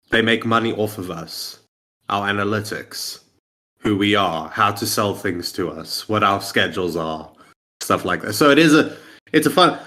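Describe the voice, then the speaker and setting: Insistent low-voiced male co-host. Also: bright, forceful tone. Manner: lecturing, insistent, stating facts. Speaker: podcast co-host. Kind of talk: casual podcast chat.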